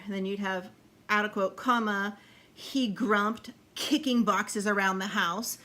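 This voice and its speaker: Teaching fiction writing in an explanatory video, this woman speaks a little slowly in a medium-pitched, sharp voice with fairly even intonation. She keeps it chatty, performing example dialogue and laughing now and then.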